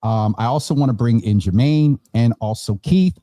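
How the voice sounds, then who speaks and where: A man's voice: medium pitch, normal speed, no echo. Tired man hosting a casual chat. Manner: tired, relaxed, chatty with laughs. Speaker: host. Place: hot room at home with vents and fan. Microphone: phone or video call.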